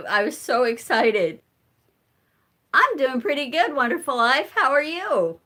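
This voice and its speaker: A woman's voice: high voice, big pitch swings, measured pace, pushed and bright. A middle-aged American woman chatting casually on a live stream, answering viewers' comments while she spins fiber at home. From United States. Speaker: homestead vlogger hosting a live chat.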